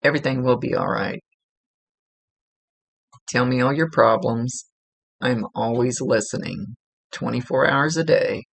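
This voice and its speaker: Psychic medium, woman, earnest and chatty, gravelly voice, dry close sound. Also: a bass voice, unhurried, pauses often, no room sound. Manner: earnest, chatty, repeats for emphasis. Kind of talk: spirit reading, relaying messages.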